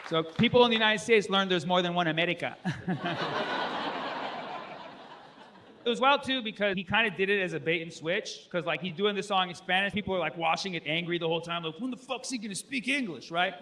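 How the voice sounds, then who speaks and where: Male stand-up comic, high-pitched and bright, rambling set with shouted character bursts. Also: a little fast, long pauses, slight background noise. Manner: loose rambling delivery, acts out voices with shouted bursts. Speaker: stand-up comedian. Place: comedy stage.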